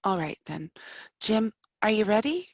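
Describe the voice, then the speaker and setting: A calm, patient therapist speaks in a measured, soothing way, read by a woman. The voice is husky. The recording sounds dull and dry. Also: medium pitch, dry recording. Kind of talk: live play reading.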